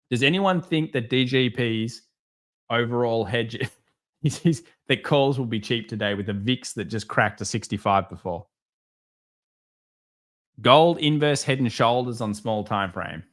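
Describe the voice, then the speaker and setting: A man hosting a live market stream, reading viewer comments and answering them with sarcastic jokes and animated stories. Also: lowish voice. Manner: sarcastic, joking, animated storytelling.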